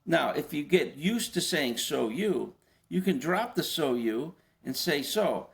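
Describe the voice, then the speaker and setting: A fairly high-voiced older man talks through his points in a relaxed interview. He keeps asking his listener rhetorical questions and often trips into restarts before pressing on. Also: a little slow, vocal fry. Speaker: interview guest, former FBI agent. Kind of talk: conversational explanation.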